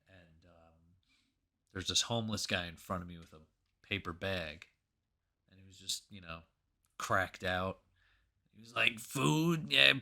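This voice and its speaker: A man, co-hosting a podcast and telling a story in a profane, animated way. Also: low voice. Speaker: podcast co-host. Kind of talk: casual storytelling.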